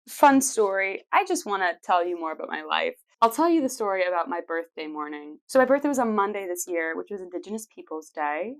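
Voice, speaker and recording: A woman in her twenties, hosting her own show and playfully telling personal stories with frequent laughs. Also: medium pitch. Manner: chatty and playful, laughs often. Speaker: podcast host. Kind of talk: casual personal storytelling.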